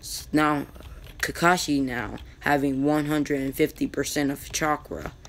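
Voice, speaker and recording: A man tells his own anime fan-fiction story out loud, unhurried and improvised. His voice is rough and gravelly, sitting a little high. He talks casually, with slang, and stops to correct the names he trips over. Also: level tone.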